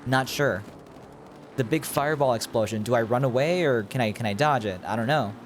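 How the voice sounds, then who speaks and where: Playing a video game on stream, this man rambles casually, talking through his thoughts and engaging his audience. He speaks a bit quickly in a mid-range voice, and there's a faint hiss or hum.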